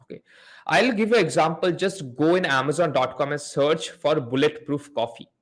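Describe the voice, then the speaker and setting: Here the Amazon PPC host talks at a normal speed with a fairly high-pitched voice. It's a live webinar: he teaches about selling ads step by step, shows his screen, and puts questions to the people watching.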